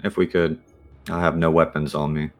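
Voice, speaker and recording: A man playing his character in a tabletop game, calm and measured. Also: rumbling low, faint music behind. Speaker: player. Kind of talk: in-character role-play.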